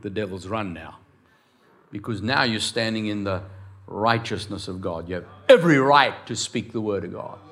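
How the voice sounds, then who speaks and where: A man preaching a lively sermon as pastor of a church, acting out voices and quotes along the way. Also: mid-range voice.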